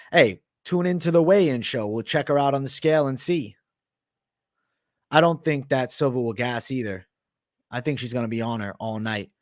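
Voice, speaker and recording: A young man with a mixed Boston and New York sounding accent, hosting a live MMA betting show in a brash, profane, animated way, talking back to live viewers. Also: mid-range voice, dry recording, clean studio sound. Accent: mix of Boston, Canadian and Italian, often heard as New York. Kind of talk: live-stream commentary, casual and profane.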